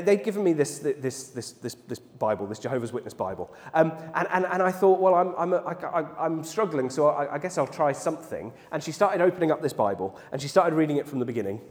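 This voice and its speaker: A man's voice: fairly high pitch, darkish tone. A male preacher telling a personal story in a sermon, often stumbling over repeated words as he goes. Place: church. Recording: church hall with long reverb.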